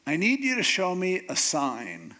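A man's voice: high voice, wildly swooping pitch, a little slow, bright, forceful tone, heavily acted. Nervous, self-doubting young man, hesitant, a man playing him. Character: timid, doubting young man from a small clan.

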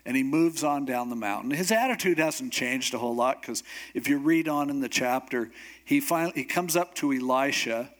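A pastor preaching a sermon, telling a story in an animated, humorous way. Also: male voice, mid-range voice, moderate pace.

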